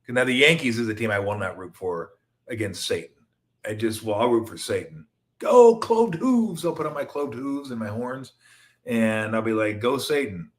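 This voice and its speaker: A middle-aged man from Southern California hosting a casual sports talk show, rambling and joking, with sudden loud outbursts and mumbled asides. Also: fairly low pitch, normal speed.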